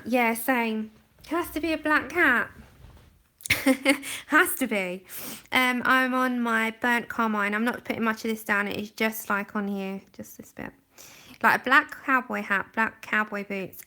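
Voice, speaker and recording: With the camera just ahead of her face, a young livestream host colours and chats, giggling along the way. She sounds a little high, bright and forceful, unhurried, with fairly even intonation.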